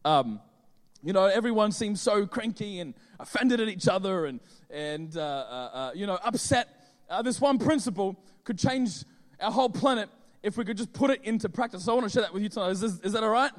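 A man's voice: sits high, expressive, a little fast. A man preaching a casual, joking sermon and leaning on plenty of fillers. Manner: chatty, joking, many fillers. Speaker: pastor. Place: church hall with audience. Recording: reverberant hall.

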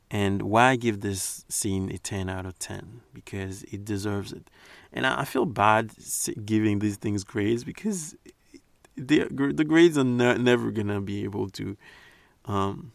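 A man's voice: lowish voice, creaky, dry recording. A man giving casual, earnest commentary on a movie scene, reflecting as he analyzes it.

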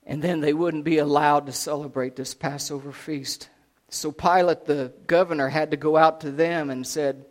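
A man preaching, retelling a scripture story dramatically, swinging between loud and hushed. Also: a little high, steady tone, normal speed.

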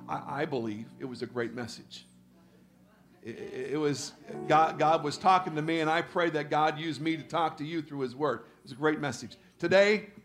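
Emphatic high-voiced preaching man. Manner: emphatic preacher, rising to loud high peaks on scripture. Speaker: pastor. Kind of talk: sermon.

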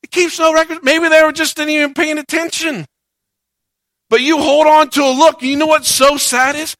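A man's voice: very high voice, level tone, moderate pace, a bit bright, no echo, studio quality. A man preaching a sermon in a conversational way, rising to emphatic points and acting out the quoted voices of churchgoers. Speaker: pastor.

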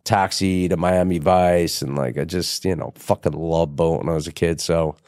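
A man's voice: low voice, fairly even intonation, normal speed, a little mellow, no echo, studio quality. A middle-aged man telling a long story in a casual interview, rambling and swearing freely as he acts out the voices of people he quotes. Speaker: guest, TV writer and producer.

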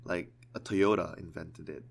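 Guy cohosting a chill podcast, kinda low voice, lots of ums and laughing. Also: steady tone, normal speed, gravelly, slightly rough. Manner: laughs often, rambling with fillers. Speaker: podcast co-host; works in process optimization. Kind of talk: casual chat.

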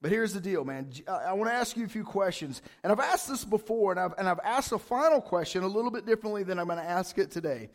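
A male pastor delivers a casual, conversational sermon in a notably high voice. He keeps checking in with "right?" and swells loudly when he drives a point home. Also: fast talker, few pauses. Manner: animated, rises loud for emphasis; high-pitched voice.

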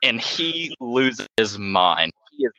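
A man's voice: medium pitch, big pitch swings, slow, pushed and bright, dry recording, low-quality recording. A man, co-hosting a podcast and telling rambling, self-mocking stories full of fillers. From South Carolina. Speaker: podcast co-host. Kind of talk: casual storytelling chat.

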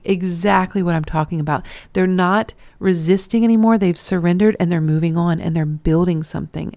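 Earnest woman with a gravelly low voice. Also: a little mellow, no room sound. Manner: earnest, encouraging, rambling with restarts. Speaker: podcast host. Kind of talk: solo podcast monologue.

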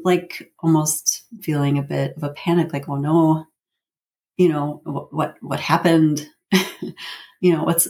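Low-voiced woman in her fifties, halting. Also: vocal fry. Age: 50s. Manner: halting, with frequent fillers and nervous laughs. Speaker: guest telling her family story. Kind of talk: personal storytelling.

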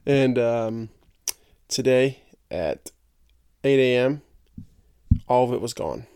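A man's voice: medium pitch, expressive, takes it slowly, mellow, clear, resonant tone, no echo, studio quality. A young man hosting a podcast, rambling and joking in casual solo chat and tripping over his own words. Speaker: podcast host.

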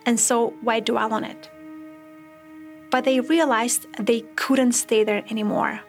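A woman hosting a podcast, telling a true story in measured, reflective scripted narration. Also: a little high, steady tone, faint music behind.

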